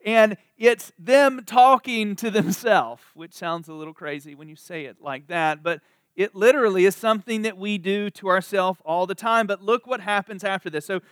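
High-voiced man preaching with emphatic conviction. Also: moderate pace, a bit bright, clear, resonant tone, no room sound. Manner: conversational and emphatic, drawing out key words. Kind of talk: sermon. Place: church service.

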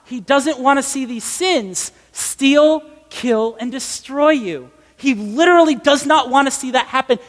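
A young man in his twenties preaching in a casual storytelling style, animated, emphatic and self-mocking. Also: very high-pitched, measured pace, few pauses. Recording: long echoey hall reverb.

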